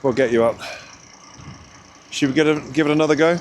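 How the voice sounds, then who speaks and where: A man talks through a snowy roadside recovery in a casual, chatty way, reassuring a friend and calling out directions. His voice sits fairly high for a man. There is a faint hiss of noise behind him outdoors. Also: a little fast, darkish tone. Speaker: vlogger. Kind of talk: casual vlog chat. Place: outdoors in snow.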